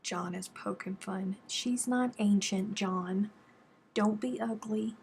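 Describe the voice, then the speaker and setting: A woman's voice: medium pitch, slow pace, creaky, a little mellow, a little hiss or hum. A middle-aged woman from Texas, casually chatting and answering viewer comments on a crochet live stream. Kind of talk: casual live-stream chat while crafting.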